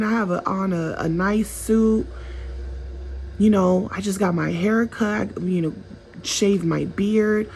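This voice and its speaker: Woman doing a vain pushy man, raised pitch, gravelly, boastful and pleading. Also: darkish tone, slight background noise. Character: vain pushy man showing off, demanding attention.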